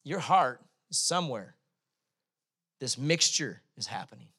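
A man preaching a sermon in a casual, humorous way, sometimes acting out quick voices. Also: mid-range voice, sing-song, sharp tone, breathy edge. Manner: conversational, humorous preaching with sudden bursts of acted voices. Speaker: pastor.

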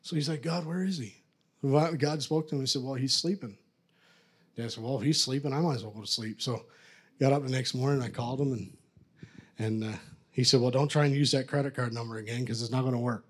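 A man from Canada tells his testimony as a preacher, talking at an ordinary middle pitch. He rambles, restarts himself and pokes fun at his younger self as he goes. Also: steady tone, quick pace, slightly rough. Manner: rambling, self-mocking storyteller. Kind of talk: testimony storytelling.

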